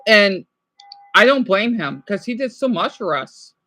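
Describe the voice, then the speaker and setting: A woman streamer reacting to videos in casual, rambling chat, excitable and talking back to her viewers. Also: mid-range voice, measured pace, soft background music.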